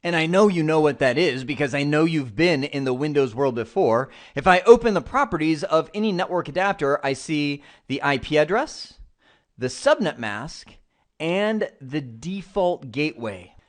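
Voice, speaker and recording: A man teaching an online networking lesson, animated and playful, who acts out examples as he explains. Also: a little high. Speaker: IT instructor.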